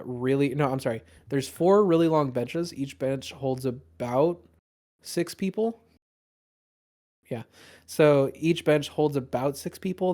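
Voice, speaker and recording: Man, dungeon master, rambling narration, fairly high voice. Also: warm tone. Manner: rambling, many fillers. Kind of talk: narrating a tabletop game.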